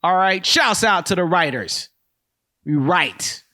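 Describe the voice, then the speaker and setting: A man's voice: high-pitched, animated, slow, pushed and bright. A man hosting a comedic solo commentary, loose and slangy, who keeps calling listeners man and bro and laughs at his own jokes. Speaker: host and comedian.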